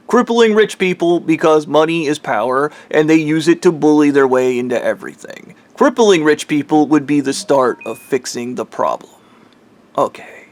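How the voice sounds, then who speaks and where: A man's voice: fairly high pitch, dry recording. A man delivering a heated, profane, rambling rant in a solo vlog. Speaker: vlogger. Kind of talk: ranting monologue.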